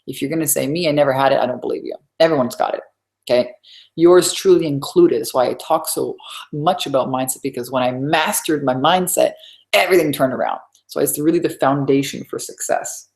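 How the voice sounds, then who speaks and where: A woman business coach talks through a live webinar in a deep voice. She is chatty and emphatic, drops in asides and repeats her key phrases to drive them home. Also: fairly quick, a little mellow.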